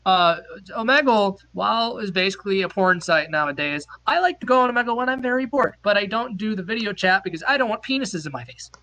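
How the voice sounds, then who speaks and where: A man in his twenties co-hosting a podcast, telling a story in an animated, giggly way, stammering as he goes. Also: high-pitched, quick pace, low-quality recording. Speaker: podcast co-host. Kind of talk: casual chat, storytelling.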